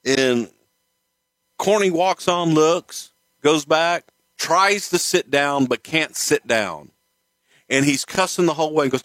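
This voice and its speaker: A man's voice: on the high side, a little slow, no room sound. A man telling stories casually, with lots of swearing. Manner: profane, animated storytelling. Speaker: guest storyteller. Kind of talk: casual storytelling.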